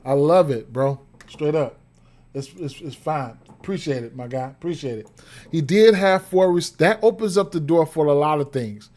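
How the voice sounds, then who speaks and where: A sports betting streamer, a man with a fairly high, darkish voice, talks at a moderate pace in an animated way. His casual livestream analysis rambles with lots of fillers and repeated words, and hiccups keep breaking in because he has the hiccups.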